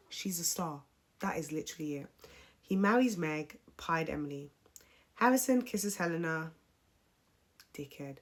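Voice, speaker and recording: Woman host, slightly low voice, opinionated casual recap, freely swearing. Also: expressive, a little slow, pauses often. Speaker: live stream host. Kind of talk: casual reality show recap.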